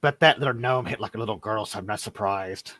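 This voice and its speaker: A man's voice: fairly low pitch, fast, bright, forceful tone, no room sound. A man voicing a swaggering drunk townsman who brags and slurs. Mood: boastful drunk.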